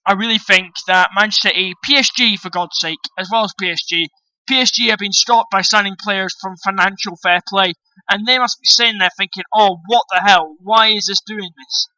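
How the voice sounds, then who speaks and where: This football vlogger has a high, bright, sharp-edged voice and delivers a blunt transfer-news rant, quick to swear. Speaking straight to his viewers, he calls them guys. The low-quality recording is close and dry, with no room sound.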